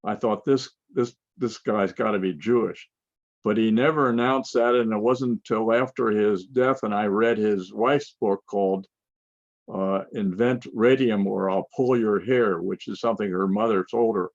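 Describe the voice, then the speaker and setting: An older man gives a conference talk with slides, pausing and restarting his phrases. His voice is low and gravelly with plenty of fry. The sound is dull and lo-fi, like a video call. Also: fairly even intonation, no room sound. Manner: halting, with frequent restarts and fillers. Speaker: conference speaker. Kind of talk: lecture with slides.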